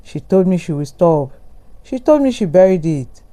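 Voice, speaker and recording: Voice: medium pitch, very animated, moderate pace, mellow, natural voice. A storyteller voicing a frightened, trembling old mother who gasps in fear, in a horror story. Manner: gasping, fearful.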